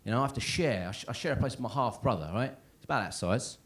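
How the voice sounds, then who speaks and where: A man's voice: mid-range voice, lively intonation, fast talker, heavy background noise. A man in his thirties doing a stand-up comedy set in a comedy club, rambling and self-deprecating, checking in with the crowd constantly. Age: 30s. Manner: rambling, self-deprecating, lots of "right?" and "yeah?".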